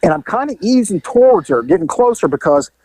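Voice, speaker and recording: A former police officer telling a crime story on a podcast, animated and profane, acting out each voice. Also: male voice, high voice, brisk, no room sound.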